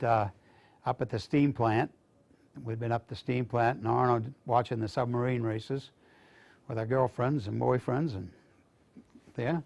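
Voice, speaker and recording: A man's voice: medium pitch, creaky, darkish tone. An older man from Maine, a veteran speaking to students, telling folksy stories in a rambling, casual way. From Maine, USA. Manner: rambling, folksy anecdotes with restarts.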